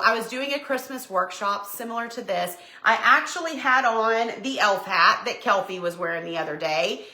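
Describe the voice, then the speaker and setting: A middle-aged woman hosts a craft livestream, chatting folksily and telling stories as she works. Animated, she bursts into shrieks and laughter when retelling events. Her voice is medium-pitched, with a roomy sound.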